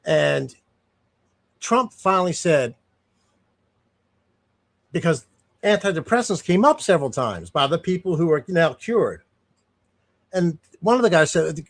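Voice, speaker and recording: Indignant man, slightly high voice. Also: sing-song, moderate pace, pauses often. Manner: indignant, rambling, with frequent restarts and digressions. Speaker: streamer giving commentary. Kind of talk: casual unscripted commentary.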